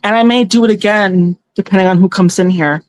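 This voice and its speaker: A woman chats casually through a livestream on her phone, giggling and greeting viewers by name. Her voice sits in an ordinary middle pitch. The sound is close and dry, with no room around it. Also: steady tone, fairly quick, no room sound. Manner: chatty and giggly, warmly thanking viewers by name. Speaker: tarot reader and livestream host. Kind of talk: casual livestream chat, reading out viewer comments.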